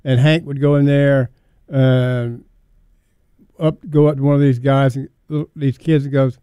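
A man with a mellow, smooth voice chats at an unhurried pace, pausing now and then with "uh" and "um". The sound is dry and close. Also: mid-range voice, flat delivery, no echo. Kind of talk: casual chat.

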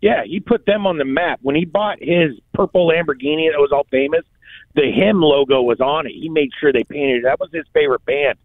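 A man's voice: on the high side, brisk, no echo. A man co-hosting a radio show in casual chat, telling stories in laid-back slang. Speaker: radio co-host. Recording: tinny phone line.

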